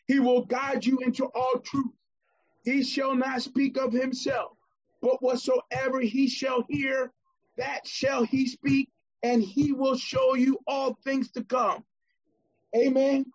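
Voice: mid-range voice, husky, highs cut off. A preacher in the middle of a sermon, reading scripture aloud and rousing the congregation with calls and questions.

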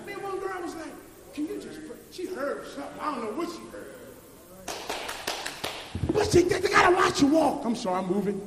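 A man preaching a sermon in a church, building from quiet storytelling to shouted, sing-song climaxes. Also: very high voice, sing-song, a little fast, pauses often, some chatter behind. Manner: preaches in rising shouts with a sung cadence. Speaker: pastor. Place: church sanctuary. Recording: echoey church hall, faint ambience.

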